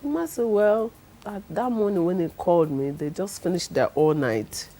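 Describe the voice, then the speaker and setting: A middle-aged woman, telling her testimony in a lively way and acting out the people she quotes. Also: fairly low pitch, moderate pace, low-quality recording. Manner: acts out the people she quotes, laughs often. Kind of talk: animated storytelling.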